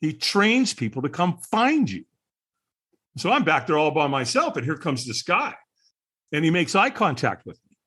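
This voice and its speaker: A podcast guest spins a story with real animation, his pitch leaping up and down as he acts out the people in it. His voice sits a bit high for a man, with a husky edge to it. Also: normal speed. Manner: lively storyteller who acts out quoted people.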